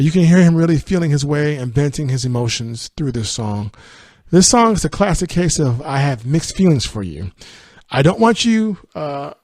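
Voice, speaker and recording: A man hosting a music podcast, chatting casually through an album review, sometimes singing lines of the lyrics, laughing, and rushing through his asides. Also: fairly high pitch, no echo, studio quality. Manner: sings lyric snippets, laughs often, speeds up on asides.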